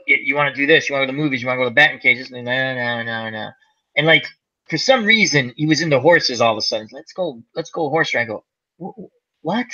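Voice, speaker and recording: A man's voice: fairly high pitch, sharp tone, muffled recording. A man telling a long, funny story in a casual chat, acting out quotes and swearing freely. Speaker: podcast co-host telling a story.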